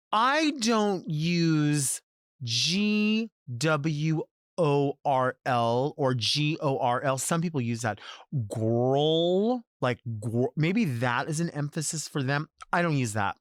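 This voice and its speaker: Drag queen host, solo chat; campy, sassy, drawn-out words, mid-pitched man, close dry mic. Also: lively intonation, no echo. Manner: campy, drawls and stretches words for emphasis; sassy, conversational. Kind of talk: casual solo monologue.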